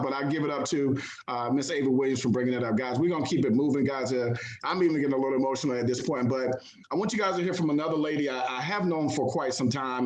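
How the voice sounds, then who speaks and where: A man's voice: medium pitch, a little mellow, echoey room, low-quality recording. A man hosting an online community call, encouraging and a little hesitant, with many fillers. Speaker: host.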